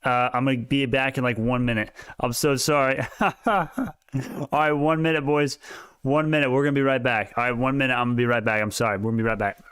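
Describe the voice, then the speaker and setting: Excitable man hosting a stock livestream. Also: medium pitch, rapid-fire, hardly any pauses, smooth, dry recording, studio quality. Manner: excitable, laughing, restarts sentences. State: a little out of breath. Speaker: stock market livestream host. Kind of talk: casual livestream talk.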